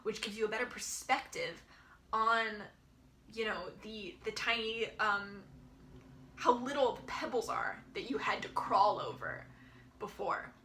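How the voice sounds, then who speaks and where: A woman giving a pick-a-pile tarot reading, musing gently and searching for words with many ums. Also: medium pitch, expressive, a little slow, a little hiss or hum. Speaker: tarot reader.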